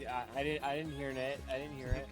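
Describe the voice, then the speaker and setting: A man's voice: medium pitch, level tone, fast, over music. A man from Iowa, a friend on voice chat, joking with some stammering.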